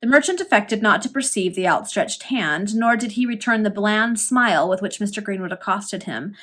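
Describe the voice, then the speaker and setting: A woman reading a Victorian serial novel aloud, storytelling with lively emphasis. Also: mid-range voice, normal speed. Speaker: reader.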